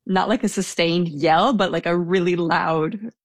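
A woman's voice: fairly low pitch, measured pace, no echo. A young woman telling a personal anecdote in a casual, hesitant way, with small laughs. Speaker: storyteller guest.

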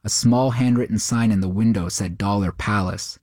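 A man narrating a short story in a steady, measured way. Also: lowish voice, no echo, clean studio sound.

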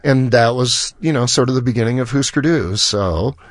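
This radio guest, a musician, is an animated storyteller who performs the lines of the people in his long story. His mid-range voice moves at normal speed, recorded in studio quality with no room sound.

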